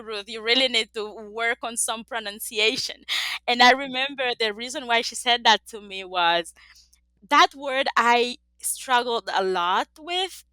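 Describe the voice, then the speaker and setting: A woman's voice: a little high, pushed and bright, smooth, dry recording. A middle-aged woman from the Dominican Republic with a Spanish accent, a native Spanish speaker, speaking earnestly and reflectively as an interview guest, laughing often. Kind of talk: interview conversation.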